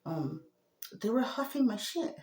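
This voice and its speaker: A woman talking to the camera in a rambling personal monologue, agitated, going from a low murmur to loud outbursts. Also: sing-song, a little slow, echoey room.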